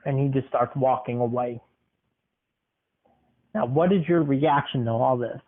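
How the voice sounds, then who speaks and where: A man's voice: medium pitch, a little slow. A man hosting a podcast, narrating a role-play scenario and asking questions in a coaxing way. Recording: tinny phone-like sound.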